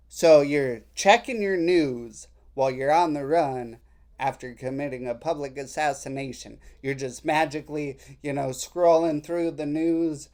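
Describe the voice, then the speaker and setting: A man hosting a casual political commentary, reading messages aloud and mocking them sarcastically, with halting restarts. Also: on the high side, a little mellow.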